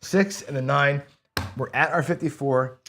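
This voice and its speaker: A man's voice: medium pitch, unhurried, background noise. A man hosting a craps strategy session, talking viewers through each roll and payout in a casual, running commentary. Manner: talks to camera while rolling dice, counting payouts aloud; excitable bursts when a roll goes his way. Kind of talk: casual play-along commentary.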